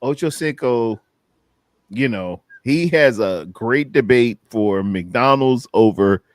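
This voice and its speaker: A man talks sports in a loose, animated way, his pitch swinging widely as he laughs and acts out little quotes. The sound is dry and close, with no room around it. He speaks from a home streaming setup. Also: slow pace, no room sound. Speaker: co-host. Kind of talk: casual sports chat. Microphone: streaming mic.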